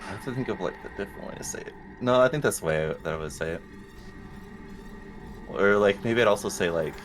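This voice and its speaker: A man with a very deep voice chats as a player in a tabletop game. He laughs often and talks loosely. Faint music runs behind him. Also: expressive, fast talker.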